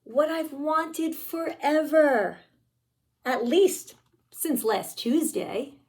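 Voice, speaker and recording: A wheedling, dramatic cartoon pigeon begging insistently, as a woman teacher puts him on while reading aloud. The voice sits well above her usual tone, bright and pushy. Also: sits high, lively intonation, very slow, voice pushed up, exaggerated voice. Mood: chatty. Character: pushy pleading male pigeon, storybook bird.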